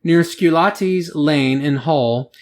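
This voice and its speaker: A man's voice: fairly high pitch, slow, darkish tone. A man co-hosting a podcast, reading news stories aloud with wry, sarcastic asides and frequent laughter. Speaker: podcast co-host.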